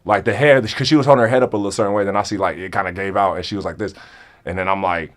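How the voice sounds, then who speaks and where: A young man telling a comedic story to friends in a casual, animated way, acting out both sides of the conversation. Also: low voice, racing.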